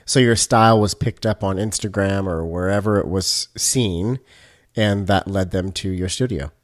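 A man's voice: sits low, moderate pace. A man hosting a podcast, introducing the episode and interviewing a guest in a casual, joking way. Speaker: podcast host.

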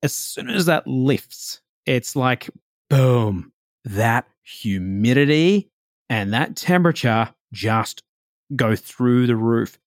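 A man hosting a podcast, telling a personal story in a relaxed, reflective way, full of "like" and "you know". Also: mid-range voice, slow pace, no room sound, studio quality. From Australia. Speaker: podcast host.

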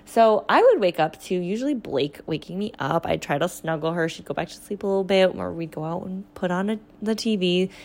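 A woman in her thirties hosts her podcast alone, chatty and animated. She laughs often and keeps breaking off into quick asides. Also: fairly low pitch. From Florida. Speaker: podcast host. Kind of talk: casual solo podcast chat.

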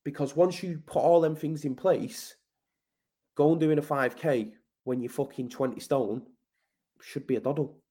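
A man's voice: a little high, steady tone, measured pace, warm tone, husky. A man from Manchester with an English accent, a podcast guest talking in a blunt, emphatic way, swearing often and calling the host mate. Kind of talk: casual conversational interview.

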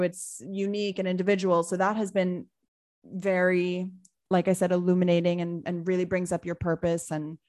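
A woman in her thirties from Trinidad, speaking in a thoughtful interview with many pauses as she searches for words. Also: on the low side. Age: 30s. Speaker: guest, business owner. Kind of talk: reflective interview answer.

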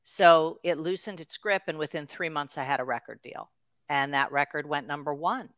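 Bright chatty woman telling stories on a podcast, laughs easy, dry close mic. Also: low-pitched, moderate pace, dry recording. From New York. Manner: animated storyteller, laughs easily. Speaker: guest, transformation coach. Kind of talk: podcast conversation, storytelling.

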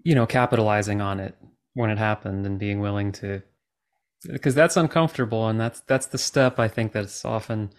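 A man's voice: on the low side, moderate pace. A man interviewing a friend, giving brief encouraging replies and praise. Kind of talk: casual interview.

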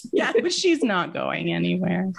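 A woman's voice: lowish voice, sing-song, a little slow, gravelly, breathy edge. A woman talking as a guest in a casual interview, telling a personal story in an earnest, reflective way.

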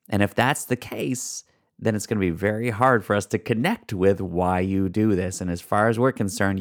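A man hosting a solo podcast, upbeat and stretching key words slowly for emphasis. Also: deep voice. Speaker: podcast host.

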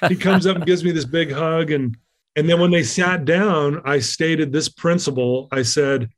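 A man's voice: medium pitch, fairly even intonation, moderate pace. A middle-aged man telling a story as a podcast guest, acting out his own quotes with animation. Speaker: guest speaker.

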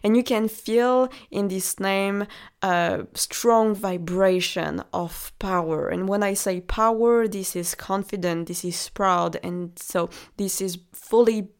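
A woman with a French accent coaches her listener through a motivational podcast. She talks slowly and gently, and her voice sits in the middle of the range. She keeps addressing the listener directly in an encouraging way. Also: medium pitch. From France. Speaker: podcast host and relationship coach.

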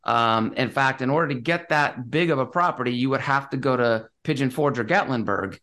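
Man, investor guest, rambling, eager, mid-pitched voice, lots of ums and restarts. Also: fairly quick, bright, forceful tone. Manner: rambling, enthusiastic, many fillers and restarts. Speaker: real estate investor guest. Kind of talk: casual interview talk.

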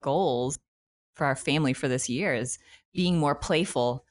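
A woman's voice: sits low, a little slow. A woman, a mother, in casual conversation, speaking thoughtfully and openly about her own habits. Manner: thoughtful, earnest, admits her own struggles. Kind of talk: casual chat.

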